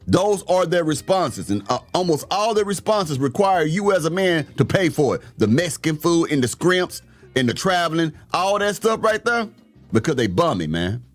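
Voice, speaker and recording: A man giving a blunt, slangy, preachy commentary rant as the host of a show that reacts to clips. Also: on the high side.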